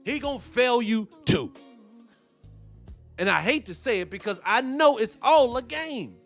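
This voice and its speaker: High-pitched male host, preachy and blunt, faint music under him. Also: animated, a little slow, a bit bright. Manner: preachy, blunt, profane street talk. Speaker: morning show host. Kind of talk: impassioned monologue.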